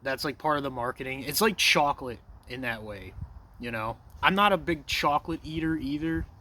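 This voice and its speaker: A man's voice: mid-range voice, fairly quick, pushed and bright. A man talking to camera in a loose, rambling monologue, cursing freely and calling the listener bro and dude. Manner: loose, profane, says "bro" and "dude" a lot; self-assured and digressive, trails off mid-thought. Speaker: vlogger.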